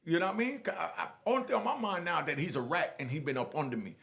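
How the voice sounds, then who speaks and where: Man from Jamaica, storyteller; high, gravelly voice; animated casual delivery. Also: rapid-fire. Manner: animated, keeps saying "you know what I mean". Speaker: storyteller recounting prison life. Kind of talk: casual first-person storytelling.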